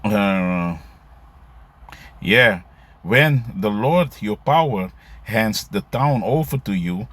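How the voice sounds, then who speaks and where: Reading Bible verses aloud, this religious commentator speaks casually, ending lines with "man" and "you see." His fairly low, a bit bright voice keeps a measured pace.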